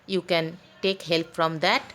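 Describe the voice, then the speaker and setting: A woman teaching an online class for young pupils, talking deliberately, spelling out letters and pausing with fillers. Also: fairly low pitch, level tone, a bit bright. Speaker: school teacher.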